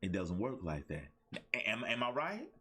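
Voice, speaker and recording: A man's voice: on the low side, huge pitch swings, moderate pace, pushed and bright, a little hiss or hum. A man hosting a livestream talk show as a life coach, preaching about relationships with repetition and call-and-response asides.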